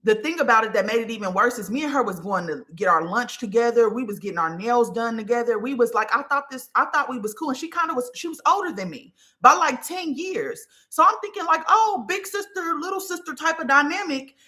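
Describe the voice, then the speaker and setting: A woman hosting a podcast, telling a personal story in a candid, profane, animated way. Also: a little high, fast, few pauses. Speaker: podcast host. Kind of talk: casual storytelling monologue.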